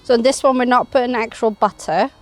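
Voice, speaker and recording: Cooking on a fishing bank, this co-presenter casually shows how she makes toasties outdoors, laughing often as she talks. Her voice is fairly high and fairly quick, with faint music behind it.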